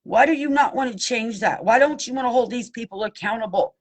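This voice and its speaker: Husky-voiced woman making an impassioned plea. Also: a little high, brisk. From Pennsylvania. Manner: impassioned, blunt, cusses, addresses listeners directly. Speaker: abuse survivor seeking justice. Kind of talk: direct-to-camera plea.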